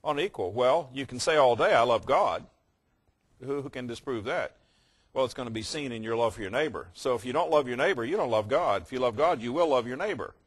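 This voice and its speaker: A man's voice: mid-range voice, animated, brisk, breathy edge. An older man preaching a teaching sermon, patiently explaining verb tenses and checking that listeners follow. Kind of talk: sermon teaching on Greek grammar.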